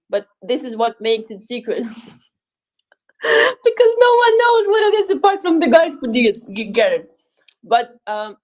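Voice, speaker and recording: A Ukrainian woman with a mid-range, darkish voice, heard in a low-quality recording, speaks as a volunteer in a casual live audio room chat. She is thoughtful, with many fillers and restarts and a dry sense of humor.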